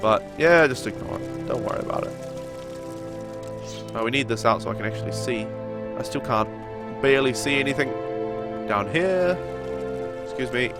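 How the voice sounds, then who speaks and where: A man's voice: medium pitch, fairly even intonation, brisk, over loud music. A young man with a nasal voice and a sore throat, chatting casually as he streams a game and answers his viewers. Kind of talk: casual chat during a live game stream.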